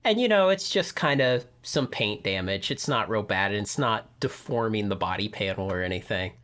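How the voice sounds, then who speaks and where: A man's voice: fairly low pitch, lively intonation, normal speed, a bit bright. A man co-hosting a podcast who tells a long, rambling anecdote in casual chat, full of "you know" and restarts. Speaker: podcast co-host telling a story.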